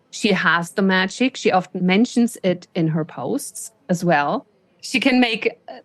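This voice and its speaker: A woman's voice: mid-range voice, no room sound. A woman co-hosting a podcast as a branding coach, chatty and enthusiastic. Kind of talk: casual podcast chat.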